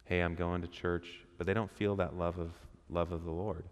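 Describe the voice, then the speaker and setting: A man preaches to a men's church gathering in a very low voice. He keeps it conversational, throwing questions to the room and acting out little quotes. His words ring out with a long hall reverb. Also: level tone, normal speed. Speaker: speaker at a men's church group. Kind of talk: interactive sermon with questions to the audience.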